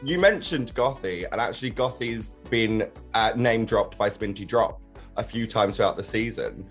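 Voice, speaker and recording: A man's voice: lowish voice, moderate pace, faint music behind. A man hosting an interview in a bubbly, teasing and camp manner. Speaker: host.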